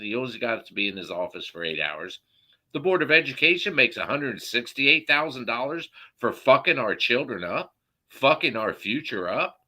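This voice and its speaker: Furious cursing man with a sharp voice. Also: medium pitch, very animated, moderate pace, low-quality recording. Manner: profane, heated, loud outbursts. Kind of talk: angry political rant.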